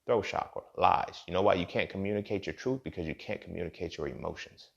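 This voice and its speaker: A man's voice: low voice, fast talker, gravelly, lo-fi sound. A young man hosting a podcast, talking in a blunt, profane, casual monologue straight to his listeners. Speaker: podcast host.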